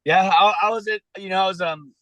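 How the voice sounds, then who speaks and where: A man on a video call, speaking earnestly and haltingly about his struggles, emotional and close to tears. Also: high-pitched, steady tone, sharp tone, no room sound, poor audio. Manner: earnest, halting, many restarts. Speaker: citizen journalist being coached. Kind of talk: emotional personal talk on a coaching call.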